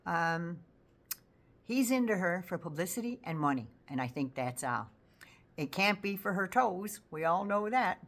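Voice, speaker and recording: A woman's voice: on the low side, animated, measured pace, a bit bright. An older woman giving blunt, sarcastic political commentary in a casual vlog, swearing freely.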